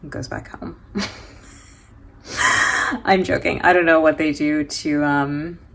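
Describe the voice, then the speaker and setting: A woman's voice: low-pitched, steady tone, takes it slowly. A woman from New York with an American accent, chatting casually in a travel vlog, joking and laughing often with plenty of fillers. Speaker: travel vlogger.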